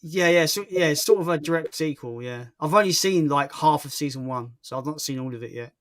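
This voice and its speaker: A man's voice: fairly high pitch, brisk, no echo, clean studio sound. A man hosting a casual live stream, reading out viewer comments and chatting about films with lots of fillers and restarts. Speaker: stream host.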